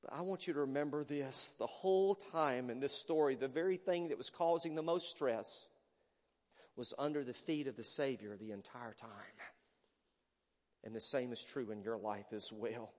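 A male pastor preaching a sermon emphatically, swinging from loud declarations to hushed words. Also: medium pitch, moderate pace, long reverb tail.

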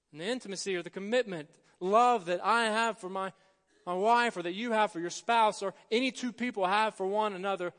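High-voiced man preaching in a reverberant hall. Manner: earnest preaching, rising to emphatic stresses then dropping soft. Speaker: pastor. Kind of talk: sermon. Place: church sanctuary.

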